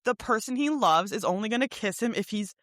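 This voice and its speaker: A woman talking over a book with friends, animated and full of fillers as she reacts to the story. Her voice sits close and dry, with no room around it. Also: medium pitch, brisk, no echo. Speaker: podcast co-host. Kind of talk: casual book club chat.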